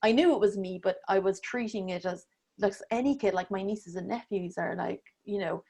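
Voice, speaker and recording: Speaking at a moderate pace with a mid-range, dark-toned voice, this breathwork teacher in her thirties shares a personal story as a podcast guest. The interview is casual, and she voices her inner thoughts aloud, laughing and swearing now and then.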